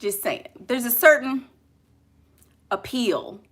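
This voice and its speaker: A woman's voice: on the high side, expressive, slow, a bit bright. A woman vlogger chatting casually and jokingly with her live viewers, laughing often.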